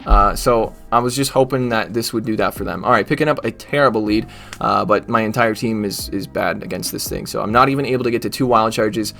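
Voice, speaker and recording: A man's voice: on the low side, fairly quick, vocal fry, a bit bright, soft background music. Joking man doing gameplay commentary. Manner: joking, mock trash talk at the game. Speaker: gaming YouTuber. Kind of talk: casual live gameplay commentary.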